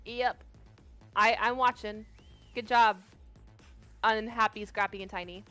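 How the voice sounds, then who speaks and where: A woman's voice: mid-range voice, steady tone, unhurried, a bit bright, faint music behind. A woman co-hosting a trivia stream in casual chat, rambling and self-deprecating, often giggling.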